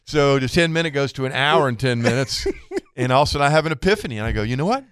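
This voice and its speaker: A man's voice: medium pitch, quick pace, clean tone, no echo, clean studio sound. A man co-hosting a radio fishing show, telling a long story with laughs and acting out the people in it. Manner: animated storyteller, acts out quotes with laughs. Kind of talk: casual radio chat, storytelling. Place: radio studio.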